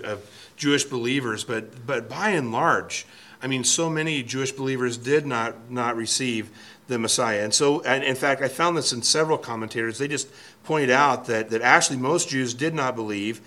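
A man's voice: medium pitch, moderate pace, pushed and bright. A man preaching an expository sermon from a church pulpit, earnest and emphatic, often restarting and repeating words. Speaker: pastor.

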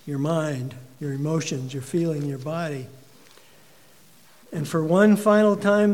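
A man's voice: a little high, darkish tone, big-room sound. A man preaching a sermon, building emphasis and asking the congregation rhetorical questions. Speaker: pastor.

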